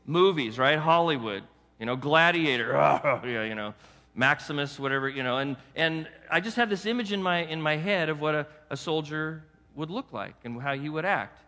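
A male preacher with a fairly high, bright, forceful voice delivers a sermon in a conversational way. He keeps turning to the congregation with questions and often stumbles into restarts. His voice rings out with a long reverb, like in a big church sanctuary. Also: animated, moderate pace. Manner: frequent restarts and repeated words. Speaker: pastor. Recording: long reverb of a large hall.

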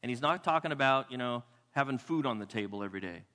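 A male pastor preaching a sermon in a church with emphatic delivery, repeating key phrases and dropping to a hush for weight. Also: mid-range voice, expressive, fast talker. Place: church sanctuary. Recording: long hall reverb.

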